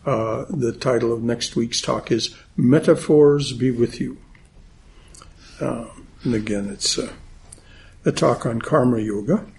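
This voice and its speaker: A man leading a chapel service, giving announcements in a halting way with many pauses and fillers. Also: medium pitch, a little mellow, slight background noise. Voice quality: gravelly and very husky. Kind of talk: sermon announcements. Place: chapel in Atlanta.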